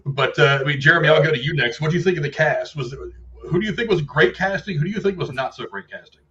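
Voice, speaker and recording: Casting note: quick, lowish-voiced male podcast host, muffled lo-fi sound. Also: pushed and bright. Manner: quick, steers the talk to others. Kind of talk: casual chat.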